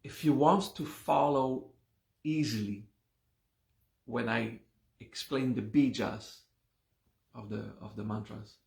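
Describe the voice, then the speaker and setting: A man teaching a live class, slowly and patiently explaining word meanings, checking in often with his students. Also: medium pitch, vocal fry, roomy sound. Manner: slow, explains patiently with repeated "okay?".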